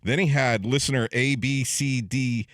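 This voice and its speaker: A man's voice: medium pitch, steady tone, normal speed. A man who is a regular on a sports radio show, teasing one of the hosts with a story. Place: radio studio.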